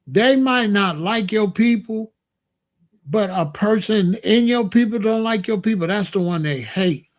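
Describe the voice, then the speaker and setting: Speaking to camera at a measured pace, this high-voiced man from Chicago, a commentator, launches into an emphatic, repetitive rant, drawing out words for emphasis.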